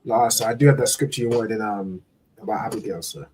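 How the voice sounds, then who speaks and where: A man in a scripture class reading verses aloud slowly and carefully. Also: fairly low pitch, darkish tone, a little hiss or hum, low-quality recording. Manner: slow, careful reading with "come on" prompts.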